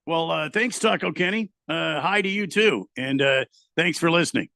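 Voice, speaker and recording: Gravelly male co-host, halting and dry. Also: fairly high pitch, pushed and bright, no echo. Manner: hesitant, lots of uhs, dry humor. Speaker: radio co-host. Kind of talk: casual sports radio chat.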